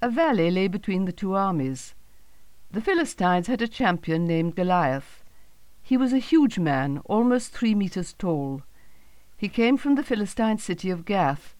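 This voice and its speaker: A woman narrating a Bible story in a calm, even storytelling manner, reading the quoted lines in her own voice. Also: mid-range voice, no room sound.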